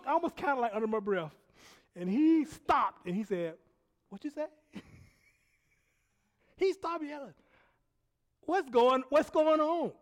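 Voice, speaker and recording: A man preaching a sermon, telling a personal story in an animated way, laughing often and dropping from loud bursts to hushed quiet. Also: high voice. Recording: long hall reverb.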